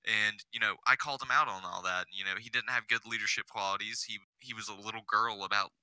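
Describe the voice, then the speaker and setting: A man's voice: lowish voice, fairly even intonation, fast talker, bright, forceful tone, smooth, no room sound, low-quality recording. A man on a casual podcast, telling a long story full of "you know" fillers and swearing. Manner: rambling, profane storytelling with many fillers. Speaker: podcast guest.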